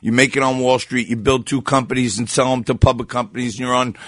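A man, a candidate guesting on a radio show, making a blunt, forceful campaign pitch. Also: fairly even intonation, fast, dry recording, clean studio sound.

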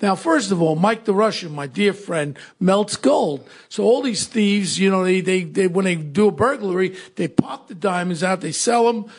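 An older man with a high, gravelly voice, spinning a tale on his podcast. His delivery is husky and excitable, tumbling forward and doubling back on his words. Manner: excitable, rapid storyteller with frequent repeats. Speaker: podcast co-host. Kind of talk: casual storytelling chat.

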